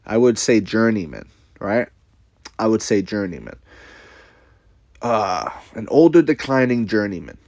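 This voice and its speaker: A man's voice: fairly low pitch, sing-song, unhurried, pauses often, darkish tone, no echo, studio quality. Blunt, profane man ranting casually. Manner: blunt, profane, rambling with repetitions. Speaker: commentator. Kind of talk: casual rant to camera.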